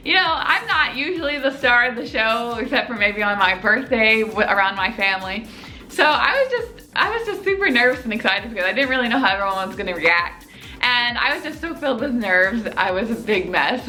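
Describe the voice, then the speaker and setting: A young woman in her twenties, a medical student telling a story to the camera in a casual vlog, animated and excitable. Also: fairly high pitch. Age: 20s.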